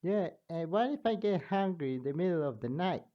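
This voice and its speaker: A man voicing a big, greedy, blustering male penguin king who grumbles loudly. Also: fairly high pitch, lively intonation, brisk, muffled recording, pitched above the performer's own voice, lightly acted. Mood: grumbling.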